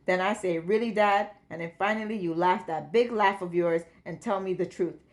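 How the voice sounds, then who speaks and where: 女性が演じる呆れ気味の大人の娘. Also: female voice, on the low side, moderate pace, lightly acted. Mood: exasperated. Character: grown-up academic daughter, affectionate, exasperated.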